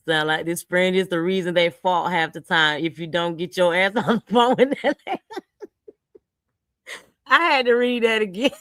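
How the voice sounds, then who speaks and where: A woman's voice: lowish voice, normal speed, long pauses, fairly bright tone, dry recording. A woman hosting a livestream, giving blunt, slangy commentary on a case and often breaking into laughter. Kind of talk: casual reaction commentary.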